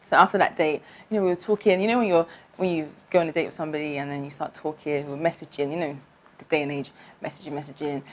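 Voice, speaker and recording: A woman, telling a personal story on her vlog, acting out her past self with big jumps up in pitch. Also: fairly even intonation, fast. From London. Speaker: vlogger.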